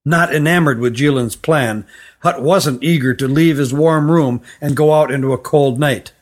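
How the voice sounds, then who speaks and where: A man narrating a storybook in an even, measured way. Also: mid-range voice. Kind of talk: storybook reading.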